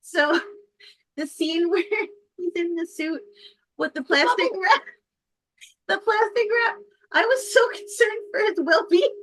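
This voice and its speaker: High, bright giggly woman. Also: slow pace, pauses often, dry recording, rough recording. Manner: giggly, animated. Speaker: podcast co-host. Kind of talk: casual chat.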